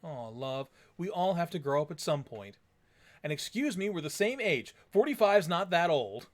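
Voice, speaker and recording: Man voicing middle-aged wife, fond, playful, animated pitch. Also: moderate pace. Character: affectionate middle-aged wife, warm and teasing.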